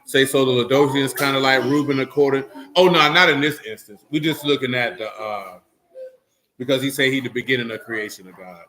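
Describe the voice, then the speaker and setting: A man's voice: mid-range voice, a little fast, sharp tone. A man leading a Bible study, teaching loosely and breaking into teasing, joking asides. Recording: echoey room.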